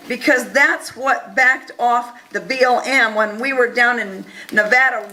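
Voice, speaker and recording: A woman telling an audience a first-person story in an earnest, animated way, acting out the dialogue. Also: on the high side, rough recording. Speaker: speaker recounting events to an audience.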